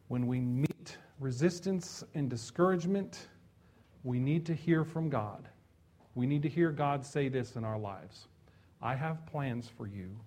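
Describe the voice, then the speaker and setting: A man preaching a sermon in a conversational way, moving between loud emphasis and soft, hushed passages, with chuckles and asides. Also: fairly high pitch. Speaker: pastor.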